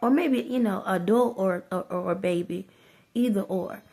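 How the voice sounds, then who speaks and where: A woman talks casually to her viewers in a rambling vlog rant. She circles back on her own points and often breaks into laughter. Her voice sits at an ordinary middle pitch. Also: moderate pace, vocal fry, warm tone, breathy edge. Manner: rambling, repetitive ranting with frequent laughter; colloquial, addresses viewers as y'all. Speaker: vlogger.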